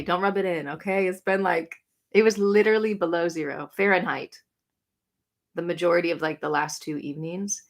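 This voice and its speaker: A young woman chatting casually on a livestream, answering comments with lots of "like" and quick, bright greetings. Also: medium pitch. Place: home room.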